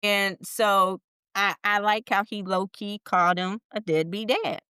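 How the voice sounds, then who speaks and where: A woman's voice: medium pitch, steady tone, a little slow, bright, forceful tone, clear, resonant tone, dry recording, clean studio sound. A woman co-hosting a casual podcast chat, blunt and slangy, with exasperated asides. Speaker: podcast co-host.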